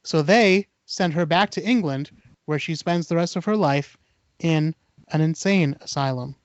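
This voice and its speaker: A man's voice: on the high side, a little slow, dry recording, muffled recording. A man hosting a podcast, retelling an urban legend casually with lots of fillers and acted-out dialogue. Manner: animated retelling, acts out dialogue, many fillers. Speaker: podcast host.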